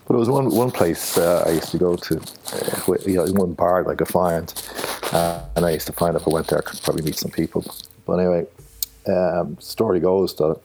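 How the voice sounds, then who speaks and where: An older Irish man telling a long personal story in a rambling, halting way, retelling conversations with "I says". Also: low voice, noisy background. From Ireland. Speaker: guest, artist. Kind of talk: casual storytelling.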